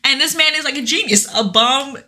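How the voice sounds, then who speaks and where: A woman co-hosting a casual podcast, retelling a story in an animated way with lots of fillers. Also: high-pitched, brisk. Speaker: podcast co-host. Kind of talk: casual chat.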